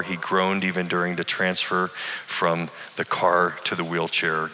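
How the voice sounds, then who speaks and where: A middle-aged man, a pastor, telling a personal story in an earnest, deliberate and emotional way, like a sermon. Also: low voice, sharp tone. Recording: long hall reverb.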